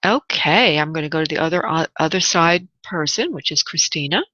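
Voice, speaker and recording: A woman's voice: low-pitched, fairly quick, pushed and bright, no room sound. A woman hosting a call-in radio show as a psychic medium, chatty, laughing often and calling callers honey and darling. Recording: dull lo-fi radio audio, dry.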